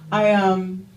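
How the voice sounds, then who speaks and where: A young woman from Iran doing an animated, crude stand-up set in a comedy club. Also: mid-range voice, a little hiss or hum. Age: young adult. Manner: animated, crude, quotes people in exaggerated voices. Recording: roomy club sound from a distance.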